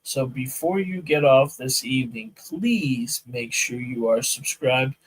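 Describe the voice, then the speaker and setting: A man hosting a live podcast as a firearms instructor, chatting casually with viewers and telling animated stories where he acts out both sides of conversations. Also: mid-range voice, takes it slowly, slightly rough, low-quality recording. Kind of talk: casual live-stream chat. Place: outdoor shooting range.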